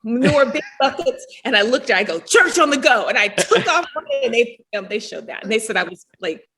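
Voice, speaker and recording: A middle-aged woman, a podcast guest, telling stories in casual chat, animated and laughing often as she acts out what people said. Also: on the high side, brisk, a little hiss or hum.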